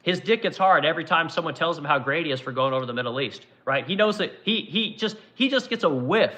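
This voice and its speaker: A man's voice: fairly high pitch, animated, fast, pushed and bright. A man streaming a profane, aggressive political rant, mocking the people he argues against.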